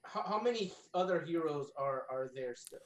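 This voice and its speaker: A man's voice: fairly high pitch, animated, moderate pace. A man playing a tabletop game, talking hesitantly and restarting his sentences. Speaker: player. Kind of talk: casual tabletop game talk. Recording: roomy sound.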